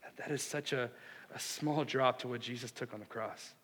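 A man's voice: mid-range voice, steady tone, normal speed, breathy edge. Earnest male preacher in a reverberant hall. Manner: earnest preaching that swells from hushed to impassioned. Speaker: pastor. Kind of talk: sermon. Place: church sanctuary. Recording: long reverb of a large hall.

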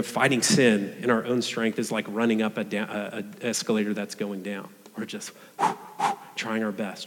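A man's voice: lowish voice, big-room sound. A young adult man preaching a sermon in a conversational, earnest way.

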